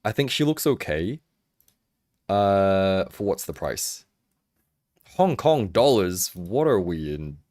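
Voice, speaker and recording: A young man hosting a casual livestream about action figures, chatty and expressive, swearing freely and laughing as he answers viewers. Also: low voice, takes it slowly, pauses often, no room sound. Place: home in Hong Kong.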